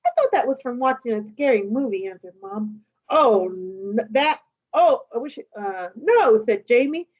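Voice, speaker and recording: Reading a children's novel to her class at a measured pace, this teacher has a fairly high voice. She reads expressively and animates the characters' dialogue, though the audio sounds a bit muffled.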